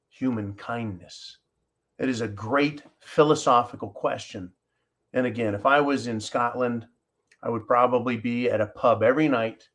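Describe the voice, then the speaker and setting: A man hosting a live stream, talking passionately and emphatically to his viewers, swearing freely and calling them folks. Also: medium pitch. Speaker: live show host.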